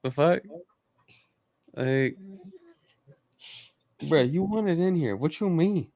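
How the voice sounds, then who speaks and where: A man's voice: fairly high pitch, animated, slow, warm tone, no room sound, studio quality. A young man co-hosting a podcast, chatting casually in a laid-back, slangy way and swearing freely. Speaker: podcast co-host. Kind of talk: casual chat.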